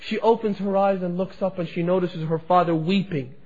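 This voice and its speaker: A male preacher telling a story in a sermon, impassioned, swelling and dropping in loudness. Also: high-pitched, fairly even intonation, fairly quick. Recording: dull lo-fi recording.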